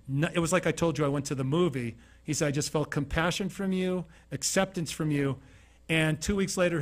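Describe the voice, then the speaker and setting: A middle-aged man from Utah giving a motivational talk, telling personal stories and acting out the dialogue. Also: a little high. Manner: storytelling, acting out quoted dialogue. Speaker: keynote speaker. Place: studio.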